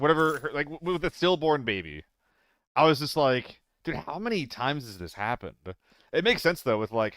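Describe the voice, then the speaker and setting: A man's voice: mid-range voice, sharp tone, clean tone, no room sound. Young male streamer, resonant dry voice, casual and profane banter with chat while gaming. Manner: loose and profane, chatting with viewers, flustered in fights.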